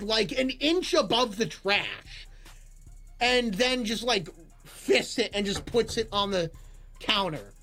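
A young man livestreaming, telling a story in animated chat and acting out both sides with bursts of disbelief. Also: extremely high pitch, measured pace. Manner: acts out both sides of a story, rising to near-shouts in disbelief.

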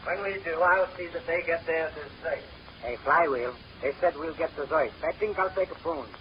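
An actor playing a hungry, scheming Italian sidekick with an Italian accent and broken grammar, in 1930s radio comedy. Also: male voice, a little high, normal speed, highs cut off, close to an everyday voice. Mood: cheeky. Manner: broken grammar, cheeky wordplay. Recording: scratchy 1930s radio recording.

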